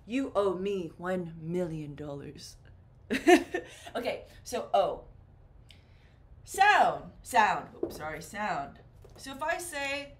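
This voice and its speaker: Slow, lively woman teaching beginners. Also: medium pitch. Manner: animated, playful, acts out little example dialogues. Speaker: English teacher. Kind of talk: slow, clear beginner English lesson.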